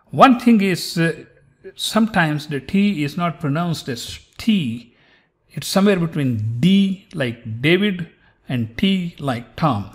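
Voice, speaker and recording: A middle-aged man with a part Indian, part American accent, hosting a pronunciation lesson and repeating each word slowly for emphasis. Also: fairly high pitch, animated. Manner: slow, deliberate, repeats words for emphasis. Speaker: host.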